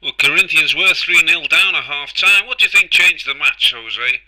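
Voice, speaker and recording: A man's voice: on the high side, normal speed, very noisy, natural voice. A man voicing a pompous, boastful foreign football manager with a put-on foreign accent, swaggering and swearing casually. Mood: mock-pompous.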